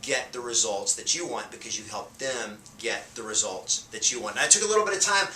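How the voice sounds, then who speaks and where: A man's voice: a little high, a little hiss or hum. A man giving a motivational real estate sales lesson, talking with energy and driving points home by repeating them. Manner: energetic and emphatic, drives points home with repetition; shifts loudness and pace to show a point. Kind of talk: motivational teaching talk. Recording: roomy sound from a distance off the mic.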